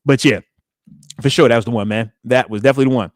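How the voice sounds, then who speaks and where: A man's voice: medium pitch, fast talker, clean tone, dry recording, studio quality. A man in his late thirties hosting a live podcast, talking animatedly and answering viewers, often tagging lines with questions. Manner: animated, repeats tag questions, talks to the chat. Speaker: podcast host, retired football player.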